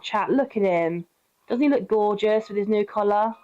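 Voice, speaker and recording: A woman's voice: mid-range voice, moderate pace, dark tone, dull audio. A young British woman giving casual, sweary gameplay commentary, chatting, laughing often and cooing at her pet. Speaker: streamer.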